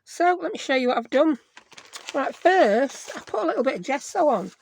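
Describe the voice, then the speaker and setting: A woman's voice: high voice, big pitch swings, normal speed, gravelly, a little hiss or hum. A woman hosting a casual craft tutorial, chatty and self-deprecating, thinking aloud as she works. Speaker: craft video host.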